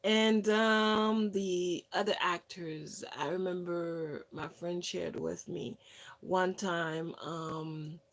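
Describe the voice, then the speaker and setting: In a casual storytelling monologue, a wellness-channel host speaks very slowly in a lowish voice. She rambles with plenty of fillers and restarts, and brings other people's lines to life with animated changes in delivery.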